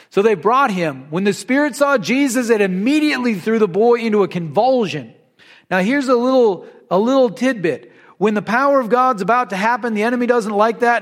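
At a moderate pace and with a voice that sits high, the preacher reads from scripture and recounts it with lively storytelling in his conversational sermon.

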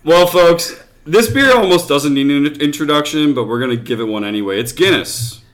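A man's voice: fairly high pitch, lively intonation, a little fast. A man co-hosting a podcast, talking in a jokey, casual way and laughing often. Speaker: podcast co-host. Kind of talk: casual chat.

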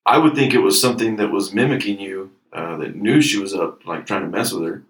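Low-voiced host heard off-mic. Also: male voice, brisk, reverberant, distant mic. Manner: short back-channel replies and probing questions. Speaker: podcast host. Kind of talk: casual interview.

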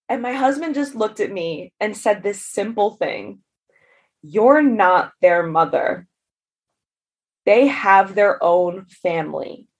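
A woman hosting her own business-coaching podcast, talking candidly and casually, tagging lines with "right?" and laughing easily at herself. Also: mid-range voice. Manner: candid and conversational, often adds "right?" and "like". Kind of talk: solo podcast monologue.

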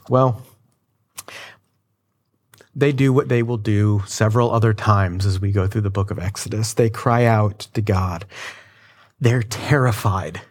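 With a medium-pitched voice, the man preaches in an animated, conversational style as pastor, turning to the congregation now and then for casual asides.

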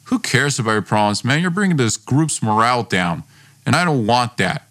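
A man's voice: mid-range voice, sing-song, moderate pace, fairly bright tone. A man playing a scornful, domineering friend. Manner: blunt, scornful, swearing. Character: domineering young man, hot-tempered best friend. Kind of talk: read dialogue in a story podcast.

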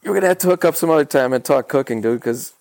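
A man's voice: medium pitch, expressive, fast talker, creaky, darkish tone, dry recording. A man talking as a podcast guest, friendly and easygoing in casual chat.

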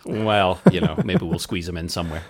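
A man's voice: low voice, steady tone, brisk. A man co-hosting a podcast in casual chat, introducing his own song with a hesitant manner. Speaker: podcast co-host and songwriter.

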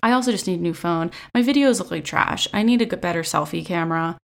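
A woman's voice: on the low side, quick pace, gravelly. A young woman giving a casual, profane recap of a reality show, chatty and sarcastic with lots of filler words, recorded on a phone. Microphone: phone selfie camera.

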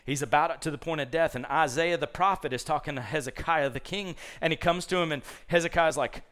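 A man's voice: a little high, fairly quick, a bit bright. A male preacher giving a conversational sermon, retelling scripture as a story with folksy asides.

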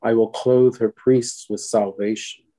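A man reciting alternate psalm verses in a responsive morning prayer, in a steady, solemn way. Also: mid-range voice, unhurried. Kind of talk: liturgical responsive reading.

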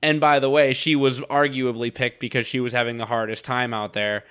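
A man in mid-range pitch chatting as a podcast co-host. He builds his points carefully, sometimes stumbling and restarting as he thinks aloud. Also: flat delivery, a bit bright, smooth. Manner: thoughtful, reasoned, slightly halting. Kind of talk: casual podcast recap chat.

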